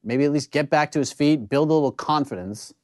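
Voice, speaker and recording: A man co-hosting a live watch party, reacting to the action and shouting encouragement at the fighters. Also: a little high, a little fast. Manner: excitable, yells at the fighters.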